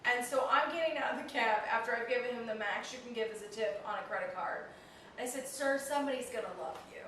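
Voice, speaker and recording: A woman's voice: fairly high pitch, quick pace, a little hiss or hum. Chatty comedian woman, echoey distant mic. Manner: animated, self-mocking, laughs often mid-story. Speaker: comedian guest. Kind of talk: casual storytelling interview. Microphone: handheld flip video camera.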